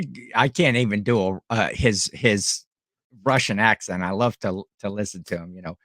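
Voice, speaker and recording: A man's voice: on the low side, normal speed, a bit bright, dry recording, clean studio sound. A middle-aged man from Ohio hosting a casual live stream at home, rambling and greeting viewers by name.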